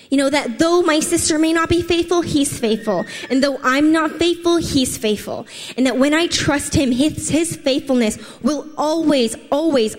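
A woman's voice: high-pitched, big-room sound. A woman preaching a sermon, earnest and personal, often restarting her sentences. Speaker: pastor.

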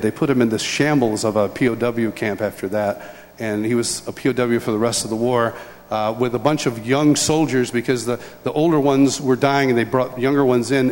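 An older man from upstate New York, preaching a sermon as a lively personal story with chuckles and restarts. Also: mid-range voice. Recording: long hall reverb.

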